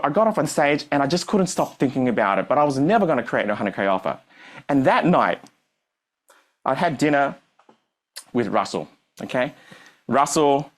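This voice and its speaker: A man, a business coach telling a story on stage to a live audience and acting out the dialogue. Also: mid-range voice.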